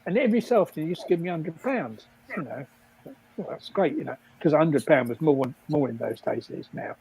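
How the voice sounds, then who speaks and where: Older husky man, lively storyteller. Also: fairly high pitch, fairly quick, a little hiss or hum, rough recording. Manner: rambling, laughs often, acts out quotes. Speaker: livestream guest storyteller. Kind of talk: casual anecdote telling.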